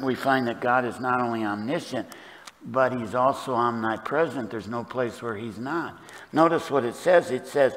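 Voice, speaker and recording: An older man preaching a sermon as pastor, moving from hushed, quiet passages to loud, emphatic ones. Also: mid-range voice, a little hiss or hum. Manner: dynamic, swings from hushed to loud emphatic delivery. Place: church sanctuary. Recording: long church reverb.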